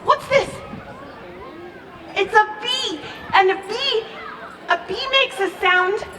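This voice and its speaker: A woman leading a children's sing-along storytime, in an animated, sing-song, coaxing way, recorded from a distance with a ukulele playing. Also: extremely high pitch, slow, some chatter behind, slight background noise. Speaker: children's entertainer. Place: playground ceremony, outdoors. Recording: roomy, distant, loud ukulele music.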